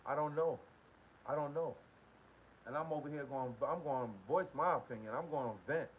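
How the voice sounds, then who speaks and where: A man's voice: fairly high pitch, fairly quick. A man hosting a live stream, talking casually and repetitively in while reading viewer comments. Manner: venting, repetitive, slangy. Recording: dull lo-fi stream with faint hiss.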